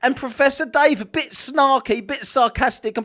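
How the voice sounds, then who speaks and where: A man's voice: extremely high pitch, normal speed, hardly any pauses, fairly bright tone. A man reacting to clips, swearing and mocking. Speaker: podcast host. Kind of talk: reaction commentary.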